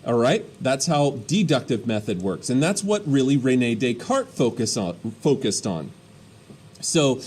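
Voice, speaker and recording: A man teaching a history lesson, explaining step by step and often checking in with quick "all right?" and "okay?" asides. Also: mid-range voice, darkish tone, husky. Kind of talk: classroom lecture.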